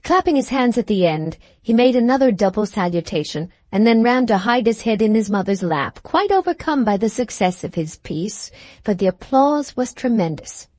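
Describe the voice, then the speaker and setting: Expressive woman narrator for a classic audiobook, animated and fairly high, dry close sound. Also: normal speed, no echo. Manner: expressive storytelling. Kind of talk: scripted narration.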